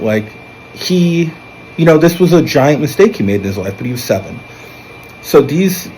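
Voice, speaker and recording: Man, mid-pitched, chatty film recapper; rambling, self-correcting delivery, faint background noise. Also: poor audio. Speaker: film reviewer. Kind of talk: casual plot recap.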